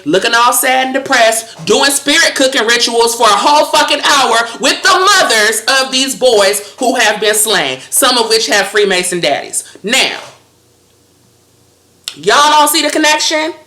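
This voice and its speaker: A woman's voice: fairly high pitch, lively intonation, unhurried, sharp tone, echoey room. A woman delivering a heated, profane, scolding monologue with a sarcastic edge. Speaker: commentator.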